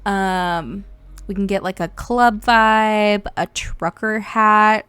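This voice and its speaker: A woman from Indiana giving bubbly, excitable, casual commentary on a life-sim game as the channel's host. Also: mid-range voice, slow, smooth, dry recording.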